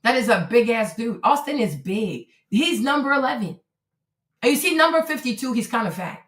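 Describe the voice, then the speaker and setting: A woman's voice: fairly high pitch, lively intonation, normal speed, a bit bright. A woman hosting a casual livestream, talking loosely and animatedly, swearing freely and breaking into surprised exclamations. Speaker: livestream host. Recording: roomy echo.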